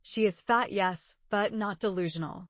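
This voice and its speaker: A woman reading viewer comments aloud in a measured, formal way. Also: medium pitch, no echo. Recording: dull lo-fi close recording.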